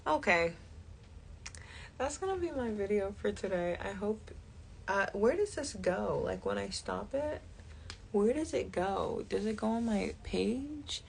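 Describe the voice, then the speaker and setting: A woman talks unhurriedly on a casual live stream, her voice carrying a gravelly fry. She rambles and thinks aloud, dropping into soft whispered asides now and then. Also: medium pitch, animated, a little slow, slight background noise. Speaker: tarot reader and jewelry maker.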